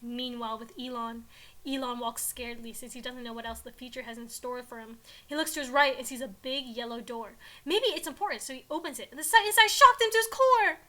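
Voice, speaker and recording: Brief: young woman, giggly fan-fiction reader, high and bright. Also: brisk. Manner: giggly, over-the-top. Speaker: content creator. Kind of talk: comic fan-fiction reading.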